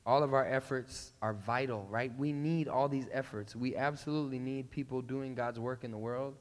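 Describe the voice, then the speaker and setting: A pastor giving a casual, playful sermon that breaks into emphatic bursts. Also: male voice, medium pitch, fairly even intonation, moderate pace. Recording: long reverb in a large hall.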